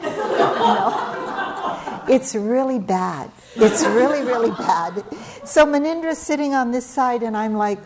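A woman's voice: on the high side, big pitch swings, slow, a loud crowd. A middle-aged woman, a meditation teacher, telling a personal story in a conversational dharma talk, with frequent fillers and a livelier lilt when she acts out scenes.

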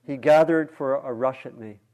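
A male meditation teacher reading a story aloud during a dharma talk, in a calm, measured way. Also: mid-range voice.

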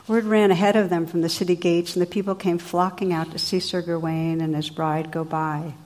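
A woman meditation teacher reads an old legend aloud within a talk. Her voice is lowish and calm. She tells the story in an expressive, unhurried way.

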